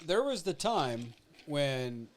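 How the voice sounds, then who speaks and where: A man's voice: on the high side, big pitch swings. A man co-hosting a podcast who tells a story in casual chat, going through the details one by one. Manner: deliberate, listing details one by one.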